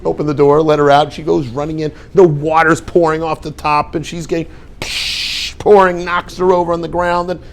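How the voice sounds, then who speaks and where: An older man, a rabbi and yeshiva head, giving a storytelling talk and acting out the dialogue with lively voices. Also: fairly high pitch, brisk, few pauses. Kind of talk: storytelling lecture.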